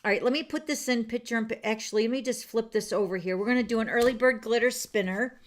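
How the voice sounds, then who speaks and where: Hosting a card-making livestream from her home craft room, a woman rambles casually with viewers, full of fillers and restarts. She talks fast in a slightly high voice.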